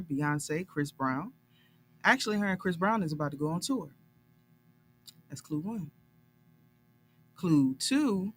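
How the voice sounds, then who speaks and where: A woman's voice: low-pitched, a little hiss or hum. A woman guest on a radio show, playfully reading out quiz clues. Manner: playful, slow and deliberate. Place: radio studio.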